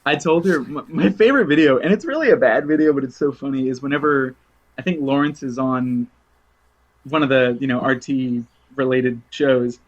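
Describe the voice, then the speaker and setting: A man's voice: medium pitch, normal speed. Rambling, laughing man on a dull line. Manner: rambling storyteller, laughs often, lively retold quotes. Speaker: podcast guest. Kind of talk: casual chat.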